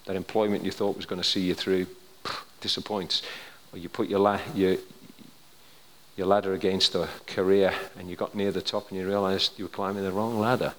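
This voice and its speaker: An older man gives a sermon from the pulpit. He tells stories in a chatty way, sinking to near-quiet asides and then rising to firm emphasis. His fairly low voice rings out with the long reverb of a large hall. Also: little pitch movement, a little fast. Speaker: preacher.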